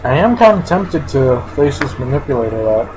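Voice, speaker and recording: A man's voice: medium pitch, a little fast, noisy background. Laid-back man commenting on his game. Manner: relaxed, thinking aloud, talking with his mouth full at times. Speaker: gameplay commentator. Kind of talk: casual gameplay commentary.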